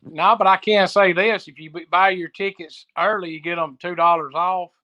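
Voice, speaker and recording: A man's voice: high-pitched, steady tone, moderate pace, pushed and bright, lo-fi sound. A man, a wrestling announcer guest, answering back in defensive country banter. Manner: defensive, plain country talk. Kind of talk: casual show banter.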